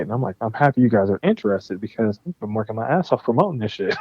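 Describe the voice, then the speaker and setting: A young man tells a story on a podcast in a lively, profane way, voicing each person in it. His pitch sits in the middle range. The audio is dull and dry, with no room sound. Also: fast talker, hardly any pauses, husky, dry recording. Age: young adult. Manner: animated, profane, acts out both sides of conversations. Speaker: game studio founder, guest.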